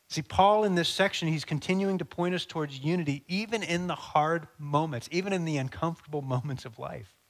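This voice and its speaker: A male pastor preaching a sermon, animated and conversational, acting out little scenes. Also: on the high side. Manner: animated, acts out dialogue, conversational asides.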